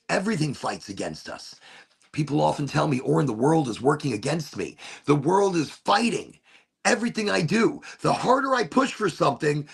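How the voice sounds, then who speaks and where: A man hosts a casual show and muses on spiritual ideas while smoking. His voice is gravelly and husky and sits a little high for a man. He rambles and circles back to repeat his own phrases. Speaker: podcast host.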